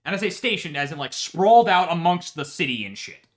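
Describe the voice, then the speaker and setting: A man's voice: on the high side, animated, a little fast. A man telling a history story for laughs in a profane, rambling way, often checking in with "right?". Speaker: podcast host.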